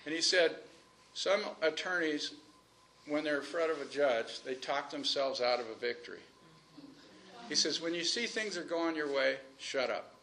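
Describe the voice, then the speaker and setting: Bright high-voiced preacher. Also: male voice, slight background noise. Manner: conversational, asks the congregation questions; stretches out key phrases slowly for emphasis. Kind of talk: sermon.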